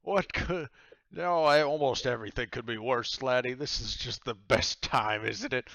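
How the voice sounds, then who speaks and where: A man voicing a boisterous, drunk old sea captain who talks loudly and heartily. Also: mid-range voice, normal speed, dry recording, pitched above the performer's own voice, lightly acted. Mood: drunk, jolly. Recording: dull lo-fi recording.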